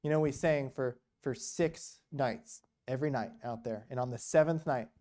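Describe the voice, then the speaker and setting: A guest speaker preaches in a church, his mellow mid-range voice moving at a moderate pace. The sermon is told as stories in a conversational way, with frequent rhetorical questions and "you know."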